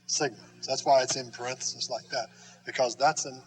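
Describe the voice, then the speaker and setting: Male teacher, mid-range voice, slow explanatory delivery full of fillers, sounds out each letter. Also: mid-range voice, fairly even intonation, rough recording. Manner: slow, patient, with many fillers and restarts; demonstrates sounds and letter strokes. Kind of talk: classroom lesson.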